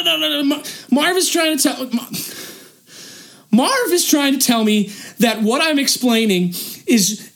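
A woman hosting a podcast, telling a comic story in a rambling way full of restarts and fillers, and shouting in the action scenes. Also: high voice, expressive, measured pace, creaky, pauses often. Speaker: podcast host. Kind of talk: comedic storytelling.

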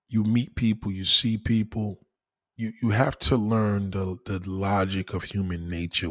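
A man on his own channel, giving casual advice in an animated, preachy way, swearing freely. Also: fairly low pitch, takes it slowly, long pauses. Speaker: YouTuber.

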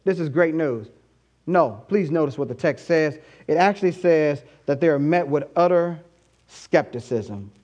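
A male pastor preaches in an animated storytelling style and keeps asking his listeners rhetorical questions. His voice sits high for a man. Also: moderate pace. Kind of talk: sermon.

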